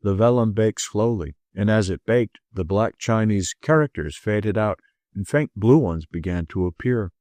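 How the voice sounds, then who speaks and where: Low voiced guy reading a detective audiobook, steady pace, dry close mic. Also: moderate pace, dry recording. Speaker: audiobook narrator. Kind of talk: first-person audiobook narration.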